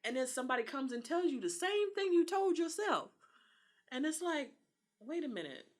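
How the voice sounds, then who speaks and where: A woman's voice: sits high, expressive, normal speed. A woman, talking earnestly in a casual podcast conversation and acting out the voices she quotes. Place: Texas.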